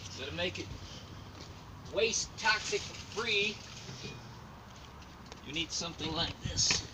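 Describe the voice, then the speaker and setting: Joking man showing plant cuttings, distant mic. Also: a little high. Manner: joking, rambling, self-mocking asides. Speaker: home gardener demonstrating plant cloning. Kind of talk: casual how-to demonstration. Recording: distant mic with noisy outdoor background.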